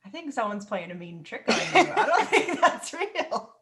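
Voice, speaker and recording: A woman's voice: on the high side, sing-song, moderate pace, a bit bright. A woman co-hosting a podcast, chatting casually and teasing her friend with frequent giggles. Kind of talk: casual chat on a livestream.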